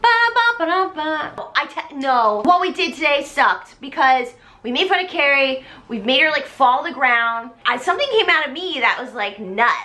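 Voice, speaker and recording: Bubbly tipsy woman, high lively voice. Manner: bubbly, chatty, acts out characters in quick voices. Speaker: host. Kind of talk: tipsy comedic musical recap.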